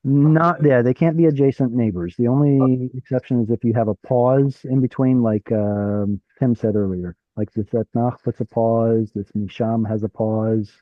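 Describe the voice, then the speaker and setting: A man leads an online class over a video call, working through a text aloud and putting questions to his students. His voice sits at an ordinary pitch, and the call audio is dull and dry. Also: fairly even intonation, moderate pace, few pauses, no room sound. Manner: explains while thinking aloud, asks the class questions. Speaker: Hebrew teacher. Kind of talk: live online class teaching.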